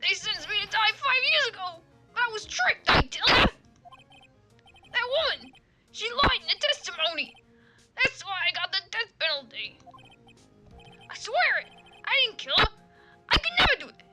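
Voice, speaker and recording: A woman doing a terrified male convict from a courtroom game, wailing his innocence at the top of a shrill, piercing voice. He pleads frantically and can barely hold himself together. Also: very animated, moderate pace, hardly any pauses, pushed and bright, faint music behind, heavily acted. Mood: frantic pleading. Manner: frantic pleading, double negatives. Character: panicky weeping male escaped convict.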